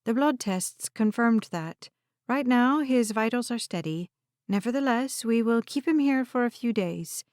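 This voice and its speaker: A woman voicing a calm, formal female hospital doctor who speaks quietly and in a measured way. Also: on the high side, dry recording, clean studio sound.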